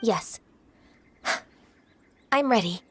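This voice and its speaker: A soft-spoken, hesitant young woman speaks earnestly in a slightly high voice. Faint game music runs beneath this video game scene. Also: expressive, drawn-out words, full character voice. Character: shy earnest half-divine young woman.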